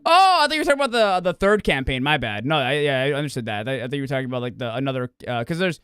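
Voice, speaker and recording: A man's voice: mid-range voice, big pitch swings, very fast, a bit bright, smooth, no room sound, studio quality. A man streaming a game, chatting casually and profanely with friends, rambling and correcting himself as he goes. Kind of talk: casual gaming stream chat.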